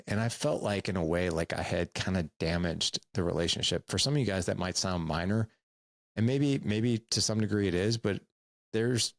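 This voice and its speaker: Middle-aged male podcast host, deep voice with gravel, candid and repetitive for emphasis. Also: normal speed, no echo. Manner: earnest, repeats words for emphasis. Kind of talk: candid storytelling advice.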